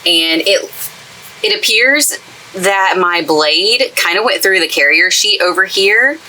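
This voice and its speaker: Taking it slowly, a woman with a lowish, expressive voice that's pushed and bright chats and gushes through a crafting tutorial, her hands busy as she works. She's a craft YouTuber from East Texas with a light local accent, filming in the craft space of her toy hauler trailer, and the recording is rough with slight background noise.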